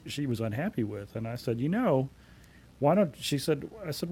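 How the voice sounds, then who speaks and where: A man in his forties, a company CEO, being interviewed and telling anecdotes in a relaxed way with frequent fillers. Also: mid-range voice, moderate pace, husky. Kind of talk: conversational storytelling.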